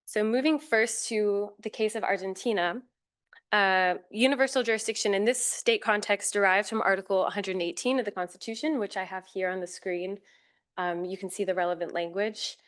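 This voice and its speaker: A woman giving a formal, measured academic talk as a conference panel speaker, with occasional fillers and self-corrections. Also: mid-range voice, clean tone.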